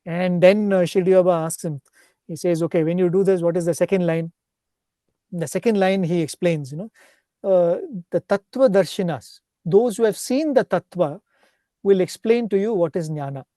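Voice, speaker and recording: Mellow-voiced man giving a devotional talk. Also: high voice, no echo, studio quality. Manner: ends points with a questioning "right?"; unhurried, explanatory. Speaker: spiritual speaker.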